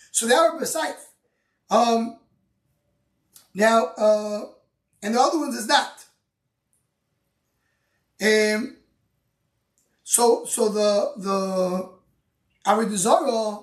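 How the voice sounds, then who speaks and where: A man teaching a Talmud lesson, reading Aramaic lines and explaining them in English, often restarting his sentences. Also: extremely high pitch. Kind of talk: Talmud study lecture. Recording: echoey room, voice from far off.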